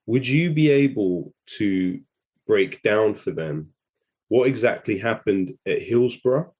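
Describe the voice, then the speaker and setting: A man interviewing a guest, putting his questions politely and in a measured way. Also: sits low, darkish tone, breathy edge.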